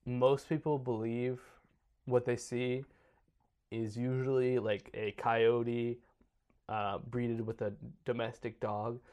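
A man's voice: medium pitch, little pitch movement, slow, a little mellow, clean tone. A man hosting a podcast, reading notes in a casual, joking way with small stumbles. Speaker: podcast host.

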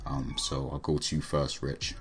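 A man's voice: very deep voice, little pitch movement, normal speed, soft background music. A man co-hosting a casual TV recap podcast, talking loosely with lots of fillers and turning questions to his co-hosts. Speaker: podcast co-host.

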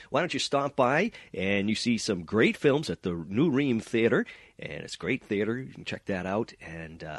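A man's voice: on the low side, dry recording. A man hosting an entertainment show while stuffed up with a cold, chatting along with many uhs. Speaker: host.

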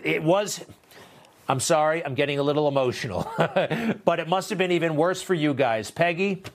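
A man's voice: on the high side, normal speed, a little hiss or hum. A man hosting a TV interview, talking in an impassioned, indignant way. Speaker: host.

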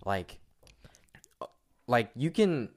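A young man in casual podcast chat, slangy and rambling, often dropping to a low mutter. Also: big pitch swings, slow.

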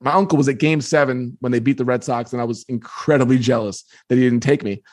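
A man in his fifties, from the New York area, telling a personal story with lively delivery as an interview guest. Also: medium pitch, fast, dry recording, clean studio sound. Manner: lively, acts out quotes in the story. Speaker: guest author. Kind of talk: anecdotal storytelling.

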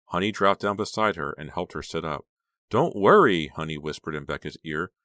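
A man narrating a horror audiobook in a steady, dramatic reading. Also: extremely low pitch, a little fast, no echo, studio quality.

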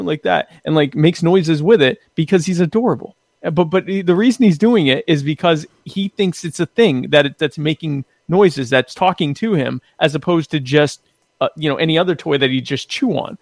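A man's voice: fairly high pitch, no room sound, clean studio sound. A man on a casual podcast, talking in an opinionated, emphatic way and often repeating words as he starts a point.

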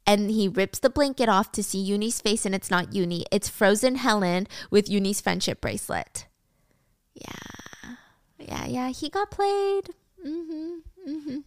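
A woman's voice: mid-range voice, unhurried, no echo. Chatty young woman recapping a drama. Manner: chatty, animated storytelling. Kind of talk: casual drama recap narration.

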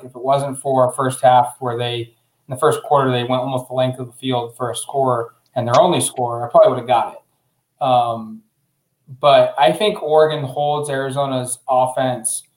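A man hosting a casual sports podcast, talking through his predictions in a relaxed way with frequent fillers. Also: mid-range voice. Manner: relaxed, uses fillers, thinks aloud. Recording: roomy echo.

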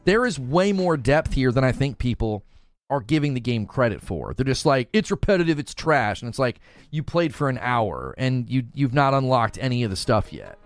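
A man streaming casually, reading his chat aloud and arguing his points, often repeating words as he rushes ahead. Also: mid-range voice, no echo. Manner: animated, argumentative, repeats words while rushing ahead.

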